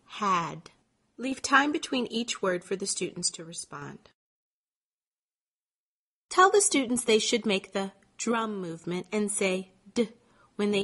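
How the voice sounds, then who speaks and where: A woman slowly narrating scripted teaching instructions in a measured, clearly articulated way. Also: medium pitch, fairly bright tone. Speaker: teacher giving lesson instructions.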